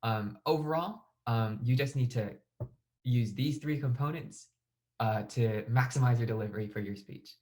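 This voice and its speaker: A young man giving a plain, even lesson on speech delivery as a debate instructor. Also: mid-range voice, moderate pace. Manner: plain, even delivery with occasional fillers and restarts. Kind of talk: explanatory lesson.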